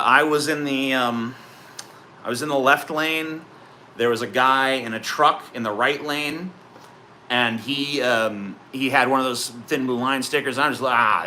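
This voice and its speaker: A man's voice: mid-range voice, bright, forceful tone, a little hiss or hum. A man streaming live, chatting in a profane, sarcastic, rambling way as he answers his chat. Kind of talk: casual livestream chat.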